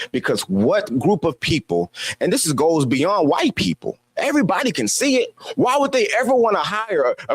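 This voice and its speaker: A man's voice: high-pitched, no echo. A man delivering an opinion commentary monologue, exasperated and emphatic, firing rhetorical questions and repeating his points. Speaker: commentary channel host.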